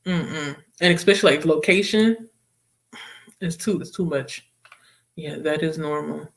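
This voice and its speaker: A woman's voice: low-pitched, steady tone, measured pace. A young woman hosting a casual book livestream, chatting expressively with viewers, reading their comments aloud and laughing often. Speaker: booktube livestream host.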